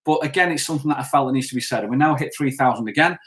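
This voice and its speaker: A man's voice: medium pitch, rapid-fire, fairly bright tone. A man co-hosting a casual live stream, talking bluntly and rambling as he answers viewer comments.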